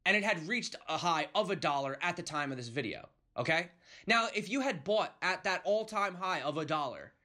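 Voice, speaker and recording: A man's voice: fairly high pitch, lively intonation, normal speed, pushed and bright. A young man hosting a crypto video, ranting emphatically at viewers and punctuating his points with "okay?". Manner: emphatic, keeps asking "okay?". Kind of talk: heated rant to viewers.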